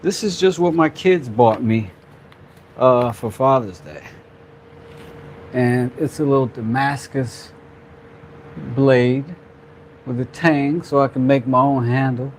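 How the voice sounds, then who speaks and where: A man's voice: mid-range voice, slow pace, long pauses, a little hiss or hum. A man hosting a casual workshop vlog, rambling playfully with jokey asides as he works. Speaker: craft channel host, father.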